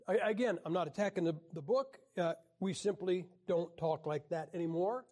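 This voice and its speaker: High-voiced joking Bible class teacher, man. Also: moderate pace, a little mellow. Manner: wry, clears throat often.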